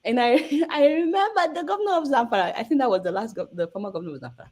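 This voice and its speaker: A Nigerian woman journalist in her thirties, an interview guest telling a story with lively energy and acting out the voices in it. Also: fairly high pitch, very fast.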